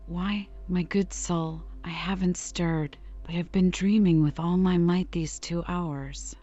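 A woman reading aloud as a motherless teenage boy caught sleepwalking, speaking low and whispery. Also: steady tone, takes it slowly, mellow, highs cut off, soft background music. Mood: sheepish.

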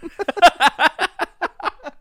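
A man co-hosting a casual chat, telling stories in an animated way and laughing often. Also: very high-pitched, extremely slow, no room sound. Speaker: podcast co-host. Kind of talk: casual comedic storytelling.

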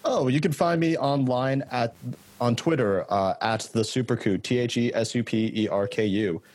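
A man's voice: medium pitch, normal speed, darkish tone. A man appearing as a podcast guest, talking in a laid-back, agreeable way. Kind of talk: casual chat.

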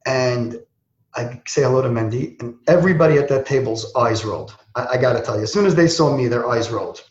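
A man telling a personal story as an interview guest, acting out the dialogue in quick, animated bursts. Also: mid-range voice. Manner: acts out quoted dialogue, talks in quick bursts. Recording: echoey, dull lo-fi sound.

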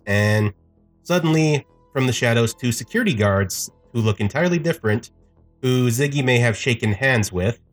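A man playing a tabletop game, calmly explaining what his character does. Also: fairly low pitch. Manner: matter-of-fact, explaining. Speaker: player. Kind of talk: describing moves in a tabletop game.

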